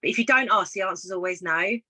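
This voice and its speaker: A woman's voice: medium pitch, fast talker, sharp tone, poor audio. A woman, a guest on a casual live video chat, telling encouraging stories and acting out the dialogue. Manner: storytelling, encouraging, acts out quoted dialogue. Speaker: guest business consultant.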